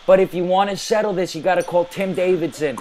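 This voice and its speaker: A man's voice: high-pitched, fast, over music, pitched above the performer's own voice, close to an everyday voice. A man putting on a fake school official. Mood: mock-official. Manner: mock-polite, put-on official tone.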